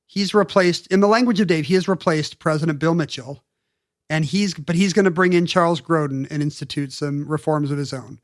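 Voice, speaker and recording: A man co-hosting a podcast, telling a history story in a casual, jokey way with quick asides and brief put-on voices. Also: fairly high pitch, no echo, clean studio sound. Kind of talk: casual comedic history chat.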